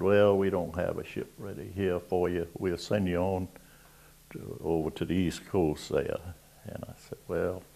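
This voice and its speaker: A man's voice: sits low, vocal fry, darkish tone. A man around ninety from South Carolina with a Southern accent, telling old navy stories in a folksy, rambling way. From Georgetown, South Carolina. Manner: folksy, rambling, chuckling between tales. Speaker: WWII navy veteran interviewee. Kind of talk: oral history storytelling.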